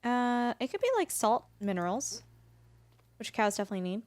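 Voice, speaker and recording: A woman's voice: on the high side, very animated, normal speed, a little mellow, no echo. A woman streaming a farming game, chatting casually and playfully teasing her viewers. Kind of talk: casual live-stream chat while gaming.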